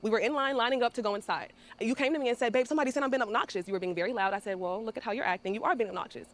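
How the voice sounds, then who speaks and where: A woman's voice: fairly high pitch, very fast. A woman reality show contestant, insistent and recounting events in detail at a reunion. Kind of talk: emotional reunion confrontation.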